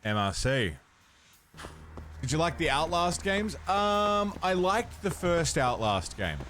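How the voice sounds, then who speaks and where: A man's voice: on the high side, big pitch swings, slow pace, fairly bright tone, soft background music. A man streaming a video game, chatting casually with viewers, laid-back and swearing freely. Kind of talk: casual let's-play chat.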